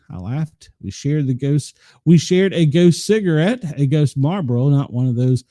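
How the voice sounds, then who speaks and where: Lively deep-toned man reading news. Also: moderate pace, no echo, studio quality. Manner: reads headlines aloud with laughing asides and restarts. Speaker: radio host. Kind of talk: chatty news commentary.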